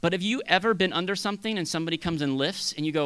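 A man preaching a sermon as pastor, swinging between loud bursts and hushed asides. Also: high voice, rapid-fire, clean tone, no room sound.

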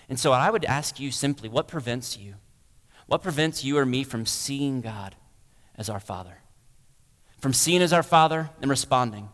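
A man preaching a sermon as pastor, rising to loud stirring peaks and then dropping to a soft hush. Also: mid-range voice, lively intonation, moderate pace. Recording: long hall reverb.

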